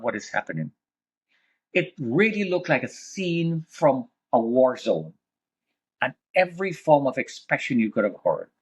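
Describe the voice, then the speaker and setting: A man with a husky, slightly raspy voice tells his own survival story as a guest. He swings from hushed, low passages to sudden loud bursts. He speaks with deep religious conviction. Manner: vivid, dramatic retelling that swings between hushed and loud. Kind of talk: emotional first-person storytelling.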